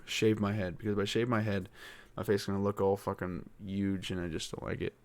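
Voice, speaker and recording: A man's voice: on the low side, flat delivery, fairly quick. A teenage boy hosting a podcast, venting in a frustrated, rambling way with lots of swearing. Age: teens. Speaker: podcast host. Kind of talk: casual venting monologue.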